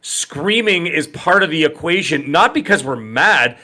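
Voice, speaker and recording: A middle-aged man co-hosting a podcast in casual chat, talking loudly and animatedly as if always yelling. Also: on the high side, unhurried. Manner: loud, animated, yells when talking. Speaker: podcast co-host.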